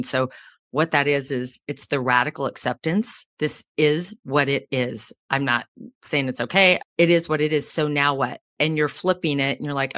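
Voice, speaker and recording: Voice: medium pitch, moderate pace, pushed and bright, no room sound. Emphatic, supportive interview host. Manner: emphatic, reacting strongly and reflecting back the guest's words.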